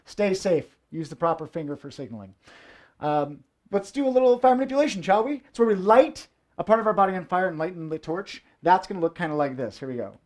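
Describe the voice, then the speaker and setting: A man's voice: high voice, animated, fast talker, darkish tone. Playful joking showman at home. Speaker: fire performer and host. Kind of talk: live-streamed show banter. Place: home room indoors.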